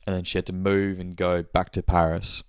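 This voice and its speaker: Young aussie bloke rambling thru a story on his podcast, low flat gravelly voice, swears a lot. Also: moderate pace, dry recording, studio quality. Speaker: podcast host. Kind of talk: casual monthly check-in chat.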